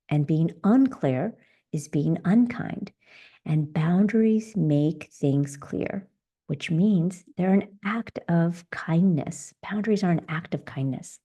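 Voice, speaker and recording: A woman's voice: sits low, dark tone. A middle-aged woman hosting a solo podcast as a leadership coach, talking earnestly and encouragingly with everyday examples.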